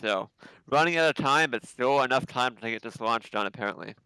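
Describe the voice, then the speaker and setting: A man on a live launch stream, announcing schedule updates in a clear, matter-of-fact way. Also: medium pitch, fairly quick, pushed and bright, dry recording, low-quality recording. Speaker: livestream host giving updates.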